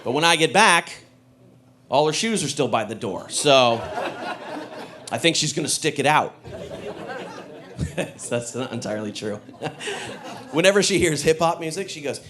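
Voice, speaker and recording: Guy doing stand-up, punchy and animated, voice bounces all over, a bit high. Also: measured pace, pauses often, background noise. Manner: punchy, animated delivery with frequent character voices. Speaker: stand-up comedian. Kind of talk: stand-up comedy set. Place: comedy stage before a laughing audience.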